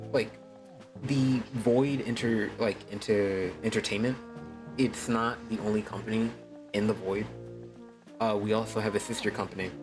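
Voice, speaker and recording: A man's voice: lowish voice, poor audio. A man chatting casually to his viewers during a game stream, laid-back and swearing freely. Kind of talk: casual gaming stream chat.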